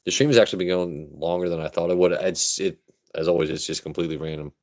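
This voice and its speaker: Deep-voiced, profane livestream host. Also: male voice, quick pace. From Maryland, US. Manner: profane, animated, talks to chat. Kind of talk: casual live-stream chat.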